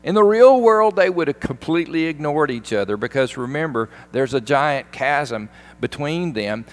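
A pastor giving a sermon, retelling a film scene in an animated, emphatic way. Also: male voice, a little high, moderate pace.

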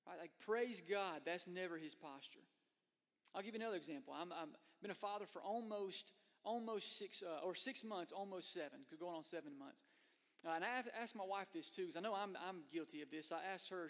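A man preaching a conversational sermon as a pastor, slipping into voices for the people he quotes. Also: a little high. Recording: long hall reverb.

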